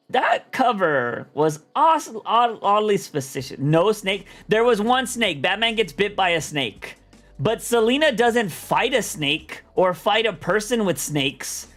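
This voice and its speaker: A young man rambling in loose, slangy, animated talk as he chats on his livestream about comics. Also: high-pitched. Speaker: streamer and comic podcast host. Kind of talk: casual livestream chat.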